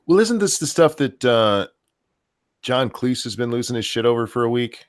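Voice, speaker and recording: A man's voice: mid-range voice, very animated, normal speed, no room sound. A man co-hosting a casual podcast, reading out viewer messages and making dry sarcastic quips. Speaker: podcast co-host. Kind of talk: casual chat.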